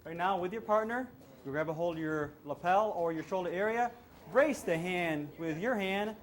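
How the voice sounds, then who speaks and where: A man's voice: high voice, moderate pace, slight background noise. A male self-defense instructor coaching a hands-on class with short, repeated commands.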